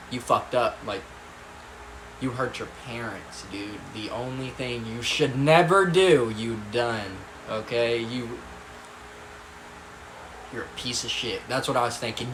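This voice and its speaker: A young man with a drawl spins a rambling, swear-heavy story in a casual vlog. His voice sits in an ordinary middle range. The room is echoey, with a faint ambient hum behind him. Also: mid-range voice. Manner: casual, profane, rambling with asides. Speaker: vlogger.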